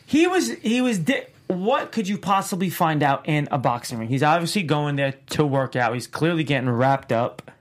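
A man co-hosting a casual show recap, animated and theorizing, with mild swearing. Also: a little high, normal speed, few pauses. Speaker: co-host. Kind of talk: casual episode recap chat.

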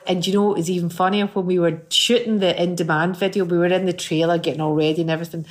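A middle-aged woman with a Scottish accent, chatting as a guest and telling lively stories, acting out what people said. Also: lowish voice, fast. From Scotland. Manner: lively storyteller who acts out quotes. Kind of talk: casual chat.

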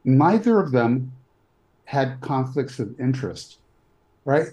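A man in his sixties from New York, a physician guest giving measured, blunt opinions in an interview. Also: mid-range voice, lively intonation, mellow, low-quality recording. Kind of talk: interview answers.

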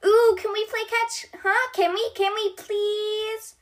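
A woman voicing an excitable, eager young male dinosaur toy in a children's storybook reading. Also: very high-pitched, slow, voice pushed up. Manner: eager, pleading, stammering. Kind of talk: storybook read-aloud for kids.

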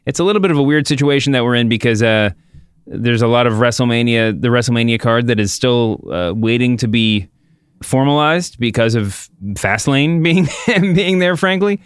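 A man's voice: medium pitch, moderate pace, clear, resonant tone, no echo, studio quality. A man hosting a wrestling podcast in casual chat, rambling and restarting his sentences. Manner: rambling, self-interrupting. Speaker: podcast host.

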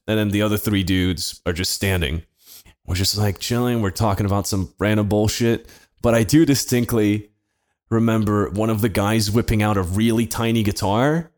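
A man co-hosting a podcast, telling a story casually with lots of swearing and laughter. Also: fairly low pitch. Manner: profane, animated, laughing while telling. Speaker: podcast co-host.

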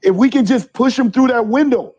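A middle-aged man, a junior college basketball coach, telling animated stories in an interview and acting out the quotes. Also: very high-pitched, a little fast, breathy edge, muffled recording. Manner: animated storyteller, acts out quotes. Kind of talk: interview storytelling.

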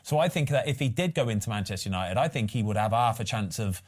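A man's voice: on the low side, lively intonation, fast talker. A man hosting a casual football chat, emphatic and chatty. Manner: chatty, emphatic, says "mate" and "lads". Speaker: host.

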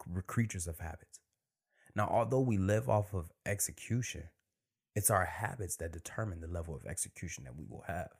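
Low-voiced man hosting a casual podcast. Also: slightly rough. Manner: relaxed and conversational, drops into near-whispers for emphasis. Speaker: podcast host. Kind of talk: casual solo podcast monologue.

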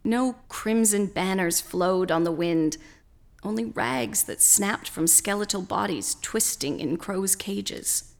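Casting note: woman storyteller for scripted narration, measured pace, gravelly texture. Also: mid-range voice.

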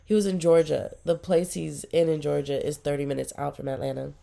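A woman's voice: sits low, little pitch movement, brisk, gravelly, dark tone. A young woman hosting her own casual video podcast while sick, rambling and giggly, with lots of "like". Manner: giggly, rambling storytelling full of "like". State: sick with a cough. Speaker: podcast host.

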